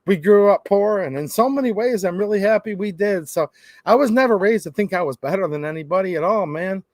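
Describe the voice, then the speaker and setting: Chatty high-voiced man with a dry sound. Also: fairly quick, darkish tone, no room sound. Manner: conversational, rambling, emphatic, frequent restarts. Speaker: gun rights channel host. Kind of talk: casual monologue to camera.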